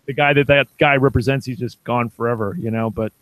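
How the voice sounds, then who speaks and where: A man's voice: medium pitch, fairly even intonation, brisk, a bit bright, no room sound, poor audio. A man in his thirties co-hosting a podcast, rambling casually with laughs and self-deprecating asides. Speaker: podcast co-host. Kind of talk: casual chat.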